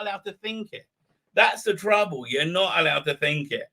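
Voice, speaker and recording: A man hosting a home live stream, his voice bright and ringing, and his pitch swings all over the place. He rambles with many fillers and restarts as he chats with viewers and reads out their comments. His desk mic level keeps jumping up and down. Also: expressive, normal speed. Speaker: livestream host. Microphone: desk mic with unsteady level.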